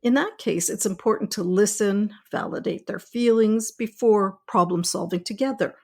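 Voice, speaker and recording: A middle-aged woman pediatrician hosting a podcast, speaking in a calm, reassuring, explanatory way. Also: mid-range voice, moderate pace. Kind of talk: scripted podcast talk.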